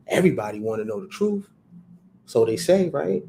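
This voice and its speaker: A man's voice: on the high side, very animated, normal speed, vocal fry, warm tone, a little hiss or hum. A man hosting a livestream talk, speaking in an emphatic, preachy way and repeating phrases for effect. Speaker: host.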